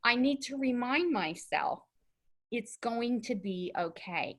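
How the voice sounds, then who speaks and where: A woman in her sixties with a fairly low voice and fairly bright tone hosts a podcast interview. Her talk is casual and chatty, with light laughter between her points.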